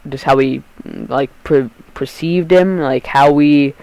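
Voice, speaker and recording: A man's voice: medium pitch, takes it slowly, gravelly, a little mellow, dry recording, rough recording. A teenage boy telling a rambling, profane storytime to his vlog audience, often cutting himself off mid-sentence. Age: teens. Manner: rambling, profane, self-interrupting. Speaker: YouTube storyteller.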